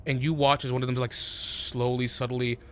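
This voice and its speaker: A man's voice: medium pitch, flat delivery, normal speed, clear, resonant tone. A man narrating as game master of a tabletop game, hesitant, with many fillers and restarts.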